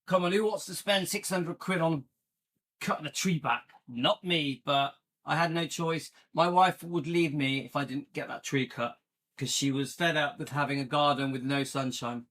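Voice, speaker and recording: A man's voice: fairly high pitch, moderate pace, fairly bright tone. A man in his fifties from Britain, hosting a casual livestream and rambling with fillers as he gets set up. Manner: rambling, searching for words. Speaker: channel host.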